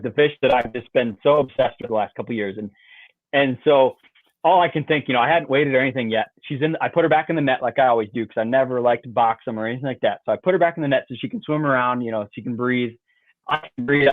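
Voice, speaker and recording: A man's voice: medium pitch, no echo. A man in a medium voice tells a long story as a podcast guest, rambling with "like" and "you know" and making little sound effects. He comes through a thin, phone-like call line. The sound is dry, with no room around it. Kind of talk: animated storytelling.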